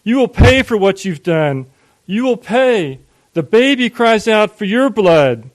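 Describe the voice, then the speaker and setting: A man voicing a furious, condemning farmer father who yells at his son. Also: mid-range voice, measured pace, natural voice. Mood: enraged shouting. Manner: yelling, condemning.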